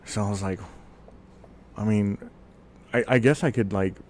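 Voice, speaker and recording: A man in his thirties telling a long personal story on a podcast in a rambling, animated way. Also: lowish voice, moderate pace. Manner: rambling, animated storyteller who voices quoted people. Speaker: podcast guest. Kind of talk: casual storytelling.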